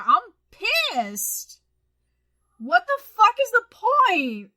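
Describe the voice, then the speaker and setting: Young woman co-host, high bright voice, profane animated ranting. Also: drawn-out words. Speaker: podcast co-host. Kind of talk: casual chat.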